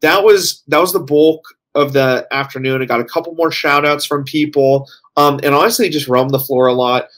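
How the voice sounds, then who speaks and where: A man's voice: fairly high pitch, steady tone, normal speed, few pauses, fairly bright tone. A tired man co-hosting a casual podcast chat, rambling along with lots of fillers as he reports back. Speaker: co-host reporting from a convention.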